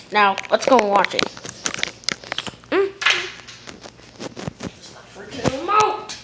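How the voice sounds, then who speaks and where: A woman introduces a skit in a playful, halting way, her pitch swinging widely as she speaks slowly. Loud noise runs under her voice. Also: big pitch swings. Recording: heavy background noise.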